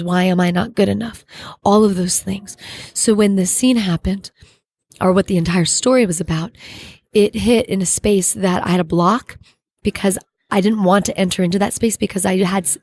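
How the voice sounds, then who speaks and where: Gravelly-voiced woman sharing an earnest testimony. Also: mid-range voice, darkish tone, no room sound. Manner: earnest, halting, searching for words. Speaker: actress interviewed as guest. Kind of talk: emotional faith testimony interview.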